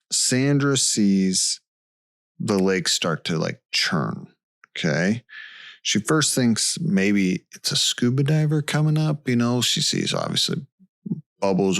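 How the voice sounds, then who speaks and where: Man, podcast co-host, slow casual storytelling, lively ups and downs. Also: sits low, creaky, dry recording. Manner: retells the case step by step, peppered with "okay" and "so".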